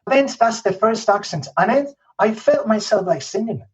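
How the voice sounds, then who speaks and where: A man's voice: high voice, animated, normal speed, slightly rough, lo-fi sound. Spanish-accented man telling stories. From Spain. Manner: peppers talk with "okay?" and "you know", frequent restarts. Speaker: podcast guest. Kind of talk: casual interview storytelling.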